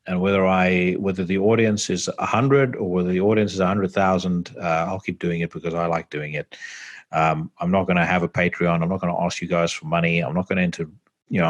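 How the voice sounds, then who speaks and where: A man hosting a podcast, chatting casually and rambling with lots of fillers and the odd swear word. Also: sits low. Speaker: podcast host. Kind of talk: casual chat. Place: home podcast setup.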